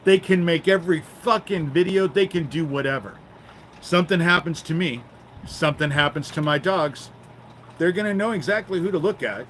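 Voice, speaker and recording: A man's voice: a little high, normal speed, fairly bright tone, a little hiss or hum. Angry, profane man ranting on a livestream. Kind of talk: ranting live stream monologue.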